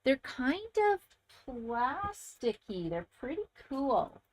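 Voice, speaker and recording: A woman's voice: sits high, very animated, slow. A woman hosting a crafting channel, chatting casually and enthusiastically to viewers as she shows handmade card samples.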